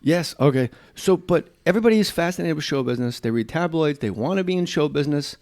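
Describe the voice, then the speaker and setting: A middle-aged male comedian telling a story in a casual podcast chat. His voice sits a little high. He acts out each line of dialogue and laughs through his own punchlines. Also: quick pace. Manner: animated storyteller acting out quotes, laughing often. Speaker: guest comedian.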